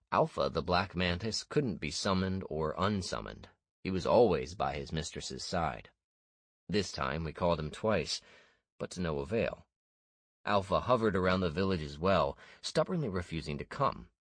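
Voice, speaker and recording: A man narrating a first-person fantasy audiobook in a steady, measured way. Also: deep voice, dry recording.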